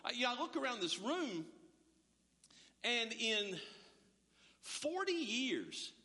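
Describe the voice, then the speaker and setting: A bright, high-voiced man in his fifties preaches in a church hall, and long reverb trails after each phrase. He talks in a conversational way and often stumbles over repeated words as he starts a thought. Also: big pitch swings, a little slow. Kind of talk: sermon.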